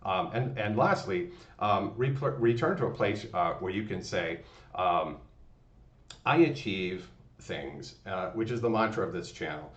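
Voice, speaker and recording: A man's voice: fairly low pitch, lively intonation, normal speed, fairly bright tone. A man hosting a motivational channel, giving a rambling, folksy pep talk full of fillers and restarts. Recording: distant, roomy, dull lo-fi sound.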